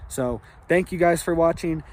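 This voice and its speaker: A man hosting a casual news commentary vlog, talking in an animated, rhetorical way and checking in with "right?". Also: on the high side, normal speed. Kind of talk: casual news rant to viewers.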